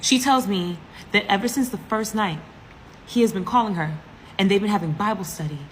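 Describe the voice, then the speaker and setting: A woman telling a comedic story time, animated and dramatic, with frequent asides to the audience. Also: medium pitch, brisk, slight background noise. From US East Coast.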